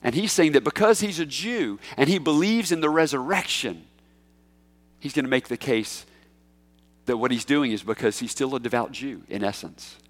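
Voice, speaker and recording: A man preaching an expository sermon, emphatic, rising to loud peaks when he quotes scripture. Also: mid-range voice, lively intonation, moderate pace, big-room sound. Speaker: pastor.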